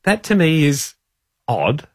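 A man co-hosting a podcast, telling a story in a casual, animated way and laughing often. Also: on the high side, slow, dry recording, clean studio sound. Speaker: podcast co-host. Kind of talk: casual chat.

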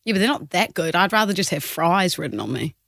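Deadpan radio co-host. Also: medium pitch, fast, vocal fry, dry recording, clean studio sound. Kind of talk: casual radio banter.

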